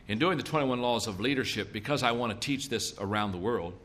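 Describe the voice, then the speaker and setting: A medium-pitched, slightly bright male voice moves a little fast, and a bit of hiss or hum is present. He's a middle-aged leadership speaker at a seminar, relying on folksy storytelling and emphatic repetition.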